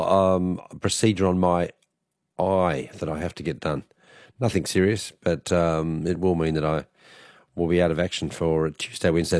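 A croaky Australian man hosting late-night radio, his voice sitting very low and recorded dry and close in the studio. He chats in a rambling, self-deprecating way with plenty of fillers. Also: no echo. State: croaky voice from a cold. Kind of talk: casual radio talk. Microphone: studio microphone.

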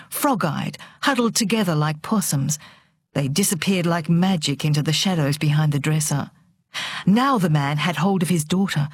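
A woman reading a novel aloud on radio with expressive, dramatic narration. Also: lowish voice, breathy edge, dry recording. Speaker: book reader on radio.

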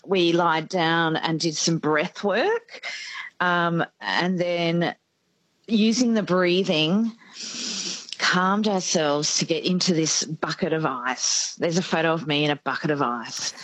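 An excitable Australian woman hosting radio, talking fast and laughing often. Her voice sits a little low. It is recorded close and dry in a studio. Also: no echo, rough recording. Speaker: radio host. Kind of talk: casual radio chat.

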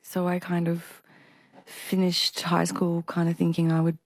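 A young woman with a slightly low voice tells her story in a relaxed interview. Her speech catches and restarts often because of a stutter. The sound is dry and close to the mic. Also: measured pace, no echo. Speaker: singer and performer, interview guest. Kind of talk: casual interview conversation.

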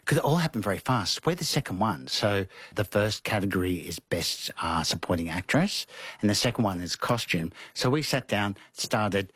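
A man, a guest in an interview, telling animated stories and acting out quotes with laughs. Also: on the low side, moderate pace, breathy edge, no room sound. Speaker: interview guest, costume designer. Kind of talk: conversational storytelling.

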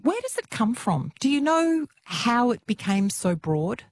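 A woman's voice: a little high, very animated, measured pace, dry recording, studio quality. A woman hosting a radio interview, asking curious questions and introducing a clip and a caller. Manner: curious, conversational. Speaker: radio host.

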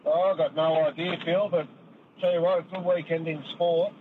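An Australian man calls in to a radio show over a tinny phone line, with clear vehicle noise behind him. His voice is somewhat high, and he talks casually and hesitates a lot. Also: flat delivery, normal speed. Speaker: caller. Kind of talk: talkback radio call.

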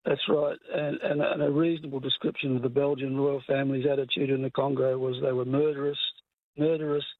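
Blunt Australian caller on a tinny phone line. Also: male voice, mid-range voice, level tone, fairly quick, no room sound. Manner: chatty, blunt, hesitant with fillers.

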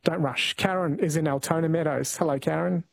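A man's voice: a little high, fairly even intonation, a little fast, gravelly, dry recording, poor audio. A man hosting a radio call-in quiz, chatting casually with callers and often correcting himself mid-sentence. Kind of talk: casual talkback radio chat.

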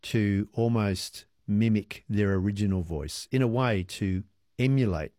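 A man hosting a radio interview, asking curious questions with many hesitations and giving brisk station announcements. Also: on the low side, mellow, dry recording, studio quality. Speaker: radio host.

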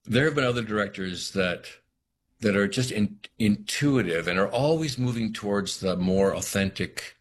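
A man's voice: fairly low pitch, lively intonation, normal speed, a little hiss or hum. An American man, an actor, talks in a casual interview, reflective and rambling, often restarting his sentences. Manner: rambling, reflective, many restarts and self-corrections. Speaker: actor guest.

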